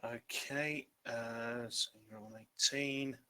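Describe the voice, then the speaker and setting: A male game master narrating an online tabletop session. His voice is bright and mid-pitched, and his delivery is loose and halting, full of restarts. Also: fairly even intonation.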